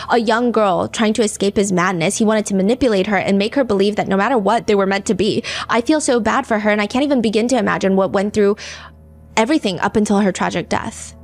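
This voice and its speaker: A woman hosting a true-crime podcast, chatting casually and reading lyrics and comments aloud. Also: mid-range voice. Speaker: podcast host.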